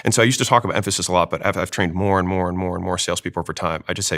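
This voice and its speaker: A man talking fast as a sales trainer, explaining with examples in an interview. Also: low voice, a bit bright. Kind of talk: casual interview talk.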